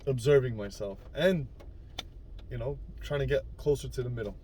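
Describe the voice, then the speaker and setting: A man's voice: medium pitch, normal speed, dark tone, a little hiss or hum. A young man talking casually in a self-help vlog, rambling with many fillers and asides. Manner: rambling, conversational, frequent "right?" and "like" fillers. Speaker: vlogger.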